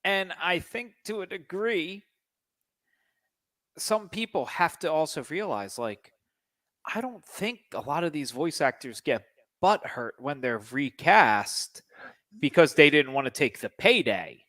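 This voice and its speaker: Male co-host, slightly high voice, lively pitch, explains his case step by step. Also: a little slow. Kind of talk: casual opinionated chat.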